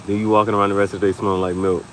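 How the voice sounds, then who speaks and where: A young adult man hosting a casual comedic chat, telling animated stories, laughing often and jumping into high-pitched acted quotes. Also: racing, slight background noise, low-quality recording. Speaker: podcast host.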